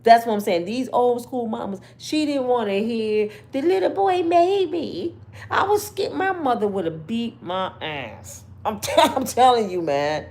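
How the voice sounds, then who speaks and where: A woman's voice: fairly high pitch, expressive, moderate pace, hardly any pauses, darkish tone. A woman host giving brash, profane storytelling commentary, laughing often.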